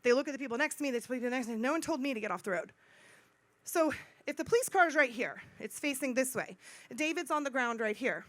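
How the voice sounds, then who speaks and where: A middle-aged woman speaking at a conference, telling a personal story in an animated way, acting out dialogue and repeating phrases for emphasis. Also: high-pitched, quick pace, no echo. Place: conference stage.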